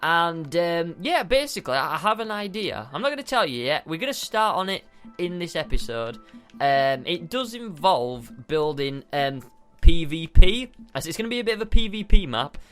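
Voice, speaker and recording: A man's voice: fairly high pitch, a bit bright. A young man giving bubbly, chatty gameplay commentary as a video game host, often giggling and using fillers.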